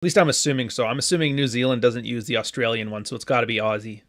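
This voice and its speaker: A man's voice: mid-range voice, steady tone, rapid-fire, fairly bright tone. A man in his late thirties from Canada, hosting a podcast in loose, joking chat with his live audience, swearing freely. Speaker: podcast host. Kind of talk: casual live-stream talk to a chat.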